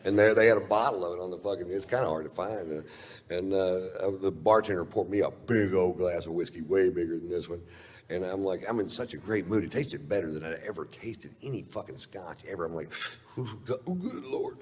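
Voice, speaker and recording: A man's voice: sits low, a little fast, a little mellow. A middle-aged man doing stand-up, telling a long story in a laid-back, drawling, profane way. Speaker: stand-up comedian. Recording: live stage recording in a reverberant hall.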